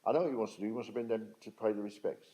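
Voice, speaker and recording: A man's voice: on the low side, fairly even intonation, racing, dark tone, poor audio. An older man, telling his story to an audience in a blunt, plain-spoken, emphatic way. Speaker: speaker at a talk on restorative justice.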